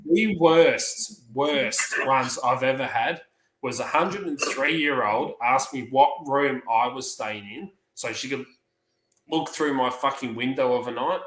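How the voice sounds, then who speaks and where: A man co-hosting a relaxed livestream, swearing casually while he acts out the people in his stories. His voice sits at an ordinary pitch. The sound has a noticeable room echo. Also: a little slow, slight background noise. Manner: swears freely, animated retelling. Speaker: livestream co-host. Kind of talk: casual storytelling chat.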